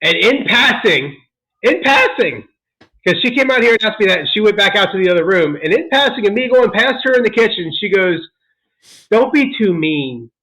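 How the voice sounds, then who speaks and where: A man's voice: high voice, a little fast, low-quality recording. A man co-hosting a casual podcast, telling stories animatedly. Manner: animated storytelling. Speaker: podcast co-host.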